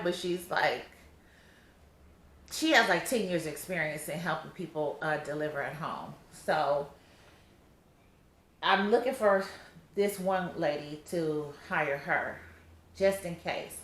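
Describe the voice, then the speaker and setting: A woman's voice: low-pitched, slow pace, long pauses, fairly bright tone, reverberant. A heavily pregnant woman giving a casual vlog update, blunt and exasperated, cussing freely. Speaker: vlogger.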